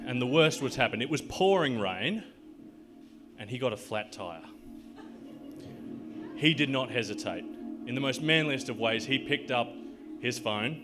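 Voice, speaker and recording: Man, groomsman speech, dry teasing delivery, expressive pitch, music playing behind. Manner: dry, teasing, building to punchlines. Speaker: groomsman giving a wedding speech. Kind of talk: prepared comic wedding speech. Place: wedding reception hall.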